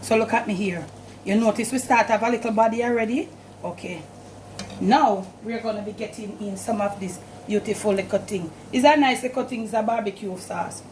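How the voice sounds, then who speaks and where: A woman's voice: mid-range voice, fairly quick, a little mellow, slight background noise. A middle-aged woman with a Jamaican accent hosting a home cooking demonstration, chatting to viewers as family and repeating "look at me here". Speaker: cooking show host. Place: home kitchen.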